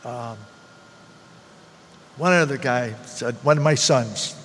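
A man's voice: medium pitch, slow pace, a bit bright, long reverb tail, slight background noise. An older man giving a heartfelt personal testimony at a recovery meeting, repeating phrases for emphasis.

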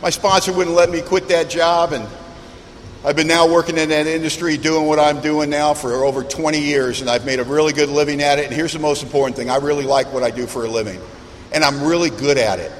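A middle-aged man with a high voice stands before a recovery meeting and tells his own story, animated and quick to poke fun at himself. His words ring out with a long reverb in a large hall, and a faint background hum sits under him. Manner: animated, self-mocking storyteller. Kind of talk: personal storytelling talk.

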